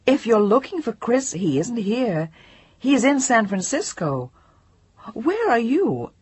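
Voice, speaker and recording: A woman's voice: a little high, very animated, takes it slowly, slightly rough, no echo, pitched above the performer's own voice, heavily acted. A woman narrator voicing a polite, puzzled older woman answering the phone.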